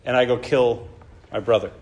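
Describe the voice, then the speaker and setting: Male preacher, medium pitch, emphatic and probing, checks in with the room. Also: fairly even intonation, moderate pace. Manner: emphatic, checks in with "right?" and "okay?". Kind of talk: sermon.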